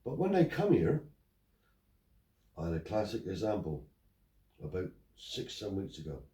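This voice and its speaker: A man's voice: low-pitched, normal speed. An older man, telling stories and acting out the dialogue in a casual chat. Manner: animated storyteller acting out dialogue. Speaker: interviewee, Romany Traveller. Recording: roomy, picked up from a distance.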